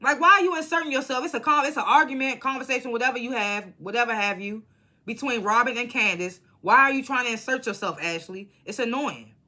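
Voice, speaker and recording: Woman, casual recap vlogger, bright, blunt and profane, animated storyteller. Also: fairly high pitch, fast.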